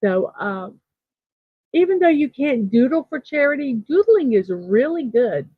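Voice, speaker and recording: A woman's voice: sits high, big pitch swings, unhurried, slightly rough, no echo. A woman hosting a daily morning livestream, chatting casually and reading out viewer comments, upbeat and full of fillers. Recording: tinny phone-like sound, dry.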